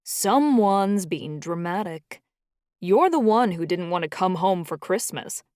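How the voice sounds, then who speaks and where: Woman doing a booming, teasing dragon uncle. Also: animated, unhurried, darkish tone, no room sound, studio quality. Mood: scolding. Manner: teasing, scolding. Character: booming playful middle-aged male dragon-shifter uncle.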